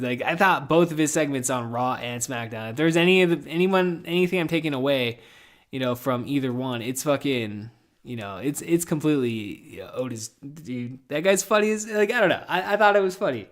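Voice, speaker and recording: A man's voice: mid-range voice, fairly bright tone. A young man hosting a podcast, recapping the week in a rambling, profane and self-mocking way. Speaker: podcast host. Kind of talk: casual wrestling recap podcast.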